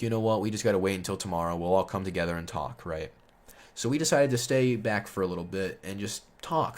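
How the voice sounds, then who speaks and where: Rambling, profane young man telling a story. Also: on the low side. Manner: rambling, profane, heavy on fillers; gets loud and heated when indignant. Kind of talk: casual storytime monologue.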